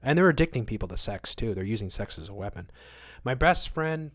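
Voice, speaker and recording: A man hosting a livestream, answering chat in a casual rant, moralizing and repeating words for emphasis, at times loud, at times muttering. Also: lowish voice, expressive, a little fast, no echo, studio quality. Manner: swings between loud outbursts and muttered asides.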